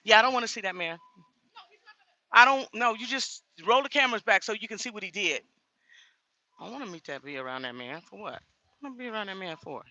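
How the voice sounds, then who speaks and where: A woman's voice: mid-range voice, expressive, fast, pauses often, pushed and bright, muffled recording. A woman talking straight to her viewers in a casual vlog, blunt and indignant. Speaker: vlogger.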